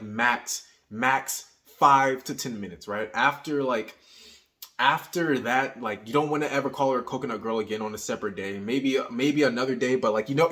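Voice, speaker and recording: A young man giving casual dating advice, energetic and teasing, tagging his points with "right?". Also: medium pitch. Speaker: dating coach. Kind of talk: casual coaching monologue.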